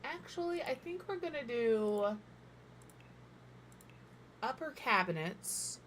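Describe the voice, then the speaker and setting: Eating while she streams, a woman in her thirties builds in a game and chats casually, talking through her thoughts and teasing herself, sometimes mouth full. Her voice sits on the high side, sing-song and slow, with a fairly bright tone. A little hiss or hum can be heard.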